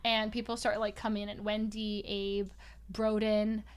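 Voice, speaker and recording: A woman's voice: medium pitch, normal speed, clean tone. A woman casually telling a story to friends, acting out what people said and laughing often. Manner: animated storytelling, acts out quotes, laughs often. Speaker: storyteller recounting a trip. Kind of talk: casual chat.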